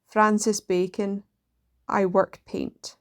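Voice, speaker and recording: A woman reading poems aloud in a slow, measured way, pausing between lines. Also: medium pitch, level tone. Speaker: poetry reader.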